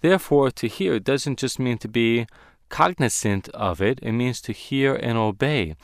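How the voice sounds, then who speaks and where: A man teaching a Bible lesson on Hebrew words, speaking deliberately and slowing down to stress key words. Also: mid-range voice, dry recording, studio quality.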